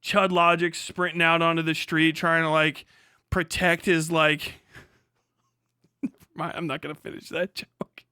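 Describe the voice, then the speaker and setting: Guy streaming live, swears a lot, rambles, high voice, dry close sound. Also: little pitch movement, unhurried, long pauses, bright, forceful tone, clean tone, no room sound. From United States. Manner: profane, rambling, laughing often. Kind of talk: casual live-stream commentary.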